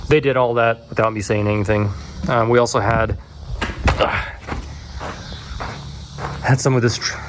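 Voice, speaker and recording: A man's voice: mid-range voice, moderate pace, pauses often, a little hiss or hum. Casual man touring a half-built house. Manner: casual, rambling, restarts, animated when retelling. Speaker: home builder filming his build. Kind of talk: walkthrough vlog. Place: house under construction.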